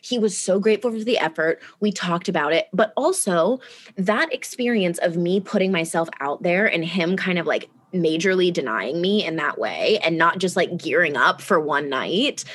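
Woman, storyteller in casual chat; animated, acts out quotes. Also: fairly low pitch, moderate pace. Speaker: guest telling a personal story.

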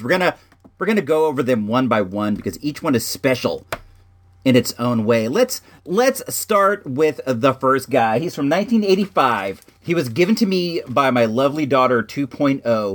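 Animated man rambling through a story. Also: mid-range voice. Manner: rambling, animated, heavy use of "like" and "dude". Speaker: host of a home show. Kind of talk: casual storytelling monologue.

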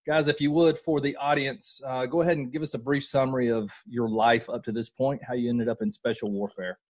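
A man's voice: mid-range voice, fairly even intonation, fairly quick. A man hosting a podcast, delivering the intro and asking his guests questions. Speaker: podcast host. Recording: loud guitar music under the voice.

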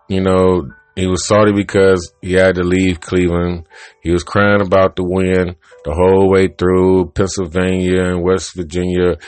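A man with a lowish voice rambles through a story, cursing freely and cutting himself off mid-thought. Faint music plays under his talk. His delivery is loose and unscripted. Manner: rambling, profane, self-interrupting. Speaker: podcast host. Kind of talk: casual monologue, telling an old joke.

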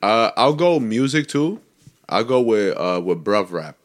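A man's voice: lowish voice, very animated, unhurried. A young man co-hosting a podcast, chatting in a loose, laid-back way and swearing freely. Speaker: podcast co-host. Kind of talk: casual chat.

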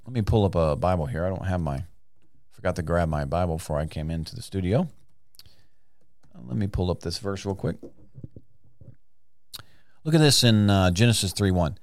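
A man's voice: low voice, a little mellow, no room sound. A man teaching the Bible on a podcast, sermon-style, emphatic, asking rhetorical questions and stretching out key words, recorded in a studio.

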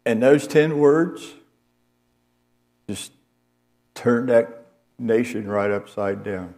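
A man delivers an evening sermon at an unhurried, deliberate pace, reading scripture aloud and talking it over in a plain, homely way. His voice carries a long reverb from a church hall. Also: medium pitch, darkish tone. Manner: slow, homely preaching with Bible reading. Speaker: preacher.

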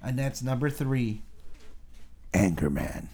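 A young man co-hosting a casual podcast chat, animated and jokey, slipping into funny voices. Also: mid-range voice, slow, slight background noise. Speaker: podcast co-host.

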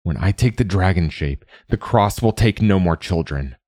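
Man reading a young warrior in a storybook: deep, tense, defiant, dry close sound. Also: lively intonation, normal speed, no room sound. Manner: tense, defiant, sometimes shouting. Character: young male warrior, proud and ashamed.

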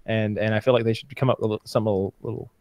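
A man chatting casually on a podcast, recounting TV episodes with animated, excited storytelling. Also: racing, no echo. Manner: animated storytelling, rising in pitch when excited. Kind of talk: casual chat.

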